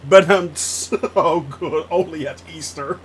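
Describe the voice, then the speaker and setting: Young male streamer, high voice, slow unhurried talk, keeps breaking into laughter while reading chat. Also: a little hiss or hum. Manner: laughs often, reacts to chat. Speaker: flight sim streamer. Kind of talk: casual live-stream chat.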